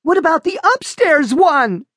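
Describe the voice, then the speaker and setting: A man voicing a dramatic, whiny teenage girl who wails in a shrill, melodramatic way. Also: big pitch swings, normal speed, dry recording, clean studio sound.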